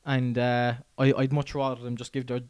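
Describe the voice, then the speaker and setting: A man's voice: mid-range voice, completely flat delivery, moderate pace, a little mellow, clear, resonant tone, no echo. A man co-hosting a podcast, rambling casually with restarts and slang. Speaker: podcast co-host. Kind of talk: casual chat.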